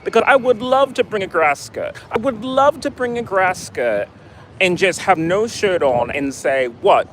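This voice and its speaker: A man's voice: sits high, expressive, normal speed, a bit bright, a little hiss or hum, poor audio. A man telling a story in a profane, sarcastic rant, outdoors in a city. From United States. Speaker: vlogger. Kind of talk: casual ranting storytelling.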